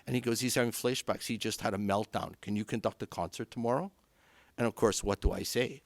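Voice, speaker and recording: Lively storytelling middle-aged man. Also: fairly low pitch, fairly quick, no room sound. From Canada. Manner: animated, acts out quoted voices. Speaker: conductor, guest. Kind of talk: anecdotal storytelling. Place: podcast studio.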